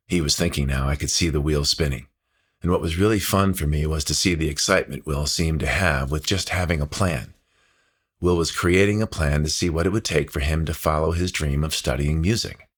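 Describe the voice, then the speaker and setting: A man's voice: a bass voice, fairly quick, a bit bright, breathy edge. A man narrating his own memoir as an audiobook, in a heartfelt, reflective storytelling manner.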